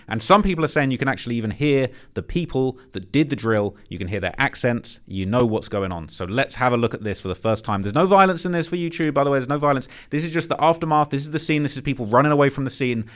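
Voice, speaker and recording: A man hosting a commentary channel, reacting to footage in an animated, speculative, blunt and slangy way. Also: mid-range voice, quick pace, few pauses.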